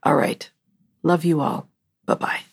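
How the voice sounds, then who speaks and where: A woman's voice: low voice, steady tone, measured pace, gravelly, breathy edge. A woman hosting her podcast, talking on her own in a rambling, chatty and self-mocking way. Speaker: podcast host. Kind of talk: casual solo podcast monologue.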